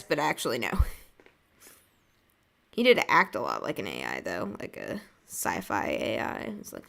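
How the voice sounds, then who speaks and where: Low, lively, gravelly woman chatting. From United States. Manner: chatty, rambling, laughs often. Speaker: artist streaming a drawing session. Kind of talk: casual chat while drawing.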